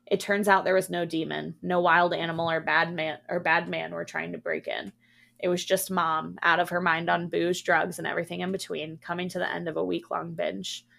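A woman podcast co-host reading a horror story aloud in a hushed, steady manner. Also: fairly low pitch, normal speed, vocal fry.

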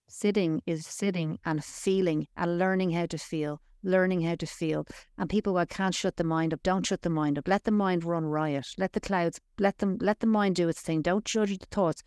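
Speaking as a guest on a podcast, this woman offers conversational teaching about spirituality, hammering home points with punchy, repetitive emphasis. Her voice is on the low side, smooth and darkish in tone. The sound is dry and studio-clean.

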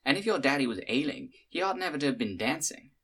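A man voicing a chatty Southern American woman with a put-on Southern drawl, folksy and quick. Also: mid-range voice, lively intonation, creaky, a bit bright, breathy edge, voice pushed up, exaggerated voice. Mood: puzzled.

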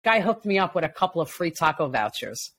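A woman from Long Island co-hosting a casual talk show, telling stories in a lively way and acting out what people said. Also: on the low side, brisk. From Long Island, New York. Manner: animated storyteller, acts out quotes. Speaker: podcast co-host. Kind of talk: casual chat.

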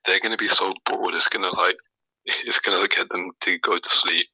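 A man's voice: low-pitched, steady tone, moderate pace, bright, forceful tone, slightly rough, no room sound, low-quality recording. A young man, a podcast guest chatting casually and rambling with lots of fillers. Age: young adult. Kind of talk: casual chat.

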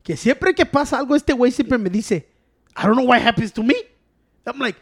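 A man's voice: very high-pitched, fast. A man talking heatedly in casual chat, swearing often. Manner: heated, mixes Spanish and English, swears.

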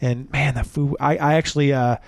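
A man in casual conversation tells a wild story with lots of swearing, jumping into quoted voices as he goes. His pitch sits in an ordinary middle range. The sound is dry and close, with no room in it. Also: a little fast, dry recording. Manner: profane, animated storyteller acting out quotes. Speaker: guest.

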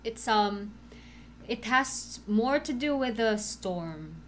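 Slow-talking woman in casual chat. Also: on the high side, animated, a little hiss or hum. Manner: halting, slow, with fillers and laughs.

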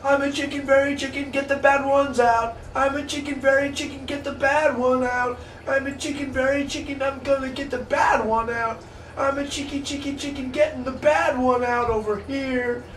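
A man putting on a frantic chicken voice, chanting in a high sing-song over a noisy background. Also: fairly even intonation, moderate pace, a bit bright, roomy sound, recorded from a distance. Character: frantic clucking chicken purging bad energy.

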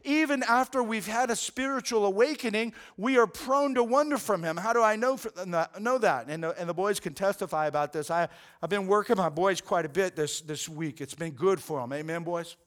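A pastor preaches a sermon in an earnest, conversational way, often repeating words as he goes. His voice is high and fairly bright, and he speaks at normal speed.

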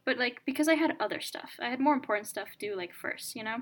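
A young woman co-hosting a podcast in casual chat, rambling with lots of "like" and animated complaining. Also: on the high side, quick pace. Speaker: podcast co-host. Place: home, painting her nails.

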